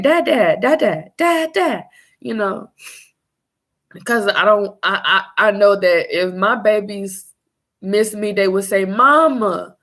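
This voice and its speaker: A young woman telling her own story as a mother in a personal vlog, halting and searching for her words. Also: mid-range voice, a bit bright.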